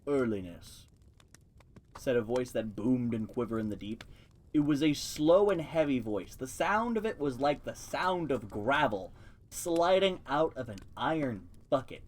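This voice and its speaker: A man reading a children's novel aloud on a live stream, expressive, with casual asides. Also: mid-range voice, moderate pace. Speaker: audiobook reader on a live stream.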